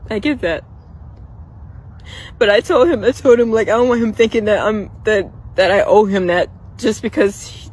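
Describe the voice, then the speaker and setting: A woman rambling in a personal vlog outdoors in a park, soft-spoken and halting, repeating her words. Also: mid-range voice, breathy edge, rough recording.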